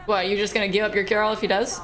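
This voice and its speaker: Woman streamer, mid-pitched, jokey and loose-mouthed, casual game commentary. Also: little pitch movement, quick pace, very noisy. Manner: chatty, jokey, swears freely.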